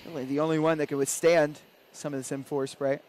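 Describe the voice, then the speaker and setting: A man's voice: a little high, little pitch movement, brisk, darkish tone. A man casting an esports match live, giving play-by-play calls mixed with playful, joking banter. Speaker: esports caster.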